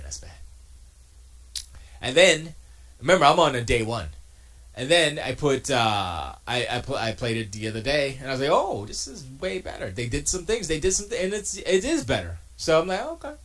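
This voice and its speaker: A man streaming from his home studio, chatting casually and answering his chat, joking and arguing in an animated way. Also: fairly high pitch.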